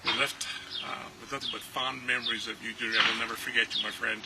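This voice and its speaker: A man's voice: mid-range voice, gravelly. Man giving a heartfelt memorial tribute. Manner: relaxed, many filler pauses. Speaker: family friend and actor. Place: outdoors at a ranch. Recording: steady background noise.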